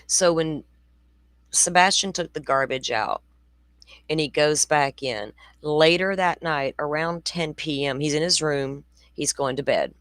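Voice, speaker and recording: A woman's voice: low-pitched, a little slow, fairly bright tone, no room sound. Chatty blunt woman hosting a true crime show. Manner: chatty, blunt, rambling asides. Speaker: true crime podcast host. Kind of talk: casual livestream commentary.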